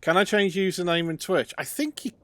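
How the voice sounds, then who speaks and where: A man's voice: high voice, lively intonation, a little fast, a bit bright, no echo. A man streaming a game, casually thinking aloud as he plays. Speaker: let's play streamer.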